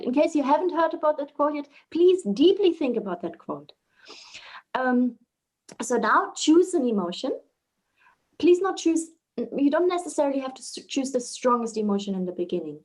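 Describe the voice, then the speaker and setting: Gentle high-voiced woman teaching meditation. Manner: gentle, conversational, many fillers and restarts. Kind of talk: live meditation class talk.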